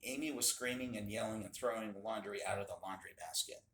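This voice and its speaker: A man reading a children's story aloud in a steady, expressive way, in an echoey room. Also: on the low side, brisk. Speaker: club member reading aloud. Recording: echoey room with faint hum.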